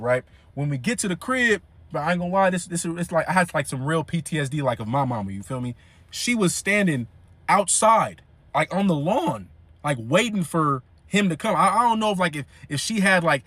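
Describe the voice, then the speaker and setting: Comedic storyteller, a man with a high, lively voice, slangy and animated, dry close sound. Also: no echo. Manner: animated and slangy, repeating "you feel me".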